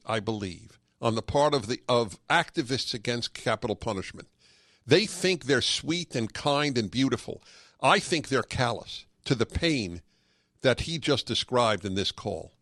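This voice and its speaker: An emphatic man hosts a call-in radio show and argues his points earnestly. His voice sits at a middle pitch and sounds close and dry, with no room around it. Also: expressive, moderate pace, fairly bright tone, no room sound. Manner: emphatic, earnest, sarcastic asides. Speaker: radio talk show host.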